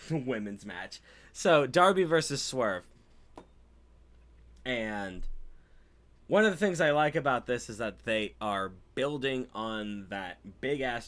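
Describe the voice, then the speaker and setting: A man's voice: medium pitch, fairly bright tone. A man giving casual, profane and sarcastic commentary on a wrestling show, sounding exasperated.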